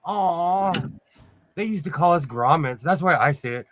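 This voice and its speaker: Chatty guy from california hosting a livestream, bit high voice, laughs easy. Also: animated, moderate pace, a bit bright, dry recording. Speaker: host. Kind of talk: casual livestream chat.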